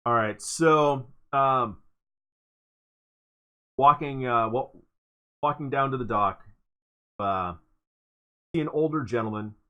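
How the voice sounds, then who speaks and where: A man narrating as game master of a tabletop game, halting with many ums and restarts. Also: medium pitch, pushed and bright, muffled recording.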